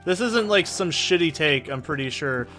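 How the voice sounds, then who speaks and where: Rambling Pacific Northwest gamer, profane and casual. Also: male voice, fairly high pitch, expressive, normal speed, sharp tone, soft background music. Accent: Southern Oregon, Pacific Northwest. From Southern Oregon, US. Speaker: let's play host. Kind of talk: casual gaming commentary. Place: soundproofed corner of a home room. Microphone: desk condenser mic with pop filter.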